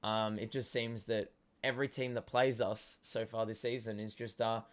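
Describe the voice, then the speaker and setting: Hoarse young Australian man talking footy. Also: on the low side, normal speed. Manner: excitable fan talk with many ums. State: hoarse from cheering. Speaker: fan show host. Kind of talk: casual match review.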